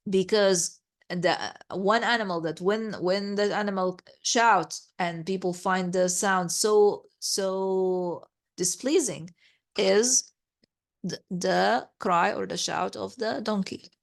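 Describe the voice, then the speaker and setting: A woman's voice: mid-range voice, vocal fry. A woman teaching a reflection class on scripture, explaining patiently and often restarting her sentences. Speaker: Quran study teacher.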